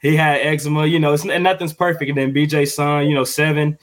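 A young man co-hosting a podcast as a father, talking in a heartfelt, halting way with many fillers and repeated words. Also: fairly high pitch, little pitch movement. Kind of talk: heartfelt casual podcast talk.

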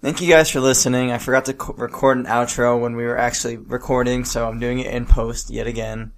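A man's voice: medium pitch, little pitch movement, fairly quick, a little hiss or hum. A young man hosting a casual podcast, telling stories loosely with laughs and swearing. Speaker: podcast host. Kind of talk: casual chat.

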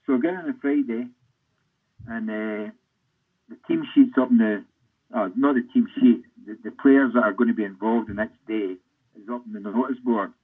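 An older Scottish man, a former footballer, telling rambling anecdotes in an interview with a husky voice. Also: medium pitch, moderate pace. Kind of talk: storytelling interview. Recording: tinny phone-like line.

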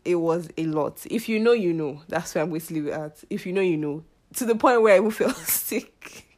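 A woman's voice: on the low side, brisk, a little mellow. A young woman, hosting her own podcast in a casual, chatty way, laughing often and acting out quoted dialogue. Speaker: podcast host. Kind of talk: casual chat.

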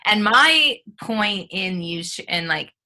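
Slow-talking bright-voiced woman host. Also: mid-range voice, lively intonation. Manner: slow, sympathetic, gentle fillers. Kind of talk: casual chat.

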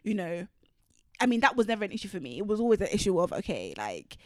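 A woman co-hosting a podcast, chatting casually and rambling with quick asides. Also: mid-range voice, very animated, dry recording, clean studio sound. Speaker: podcast co-host. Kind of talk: casual chat.

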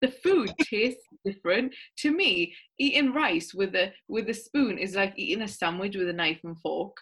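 Woman guest, bright sharp voice, rambles on excitedly. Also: medium pitch, moderate pace, husky. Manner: enthusiastic, rambling storyteller. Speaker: podcast guest. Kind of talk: casual chat.

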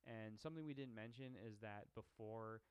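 A man's voice: lowish voice, moderate pace, clean tone, no echo. A young man co-hosting a casual movie recap, swearing freely and acting out lines from the film. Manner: profane, animated retelling with shouted mock quotes. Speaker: podcast co-host.

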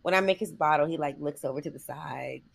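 A woman's voice: sits low, fast, creaky, slightly rough. A middle-aged woman co-hosting a podcast, chatting casually and acting out quoted voices with expression. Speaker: podcast co-host. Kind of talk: casual chat.

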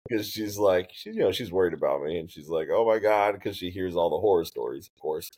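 A man with a very deep voice co-hosting a podcast. He tells stories in a relaxed, casual chat, with plenty of fillers and the odd swear word. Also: fast, slightly rough. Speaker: podcast co-host.

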